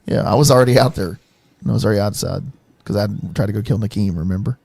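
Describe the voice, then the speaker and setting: A man who wrestles professionally, guesting on a casual podcast and telling a story in an animated way, acting out quotes and laughing often. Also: fairly low pitch, quick pace, gravelly, slightly rough, no room sound.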